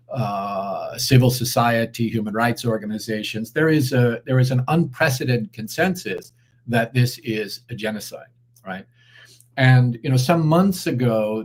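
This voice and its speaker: A man speaking as a guest commentator in a live online interview, measured and deliberate, with frequent fillers and restarts. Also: medium pitch, darkish tone.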